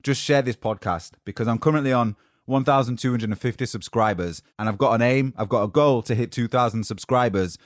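A man's voice: medium pitch, brisk, no echo, clean studio sound. A young British man hosting a solo motivational podcast in a rambling, conversational way from his home. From Britain. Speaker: podcast host. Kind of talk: casual solo podcast talk.

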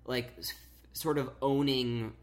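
A young woman in casual chat, talking haltingly with frequent restarts and filler words. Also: very deep voice, fairly even intonation. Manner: halting, restarts often with many "like"s.

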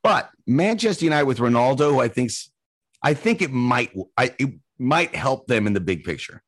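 A man hosting a casual podcast, easygoing and quick to laugh. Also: medium pitch, big pitch swings, slightly rough, dry recording. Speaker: podcast host.

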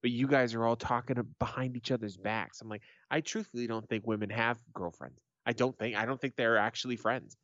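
A man co-hosting a podcast in casual comedic chat, swearing freely and acting out jokes with animated voices. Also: mid-range voice, fairly quick, hardly any pauses, no echo, lo-fi sound. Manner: swearing, joke-telling with animated character voices. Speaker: podcast co-host.

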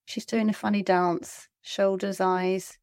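A middle-aged woman co-hosting a podcast in casual chat, playful and quick to poke fun at herself. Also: mid-range voice, level tone, a little mellow, no echo, clean studio sound. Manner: playful and self-deprecating. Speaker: podcast co-host.

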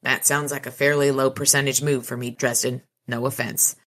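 A woman reading the lines of a calm, dry, unbothered hired gunman from a novel, in a low voice. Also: normal speed. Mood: cool. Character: cool, mercenary man, a hired gunman.

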